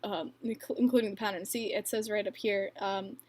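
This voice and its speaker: A woman's voice: mid-range voice, fairly even intonation, normal speed, a little mellow. Chatty young woman on a livestream. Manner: chatty, filler-heavy, laughs often. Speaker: livestream host and bracelet maker. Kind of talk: casual livestream chat reading comments.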